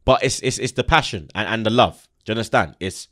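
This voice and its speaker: A young man hosting a casual football chat, animated and slangy, swearing and laughing a lot. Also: on the low side, fast talker, dry recording, studio quality. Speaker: football channel host.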